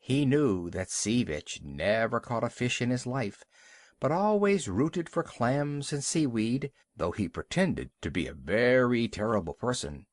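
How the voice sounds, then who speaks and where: A man's voice: medium pitch, sing-song, measured pace, no echo. A man narrating a classic animal story as an audiobook reader, telling it expressively. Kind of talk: scripted narration.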